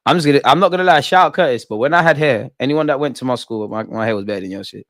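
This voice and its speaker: A young Englishman livestreams a football watch-along, bantering in thick slang, cracking jokes and shouting out his chat at a racing pace. His voice is ordinary middle pitch, excitable and jokey, recorded dry and close with no room echo.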